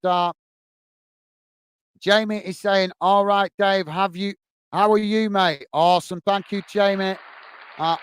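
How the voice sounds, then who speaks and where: A man's voice: sits high, clean tone, no room sound. A man hosting a football fan live stream, upbeat and full of repeated thanks as he reads out viewer comments. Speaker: host of a football fan channel.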